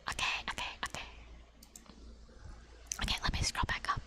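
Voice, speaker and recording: A young woman livestreaming ASMR, chatting in whispered livestream chat that slips between soft whispers and a casual speaking voice, with the odd swear. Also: moderate pace, rough recording. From Philippines.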